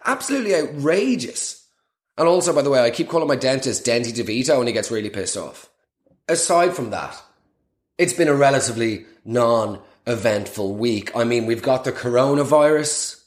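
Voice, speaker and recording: A man's voice: mid-range voice, animated, moderate pace. A young man delivering a sweary, mock-outraged comic rant as host of a comedy podcast. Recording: echoey room.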